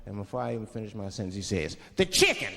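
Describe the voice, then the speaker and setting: A man performing an animated, profane stand-up comedy routine on a large stage, acting out voices. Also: on the low side, racing, creaky. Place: large theater stage with live audience. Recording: reverberant hall, loud crowd laughter.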